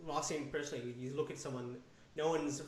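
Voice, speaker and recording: A man's voice: a little high, steady tone, fast talker, roomy sound, crowd noise, low-quality recording. A man with an Australian accent, hosting an interview and sharing his own observations in casual chat. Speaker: interview host.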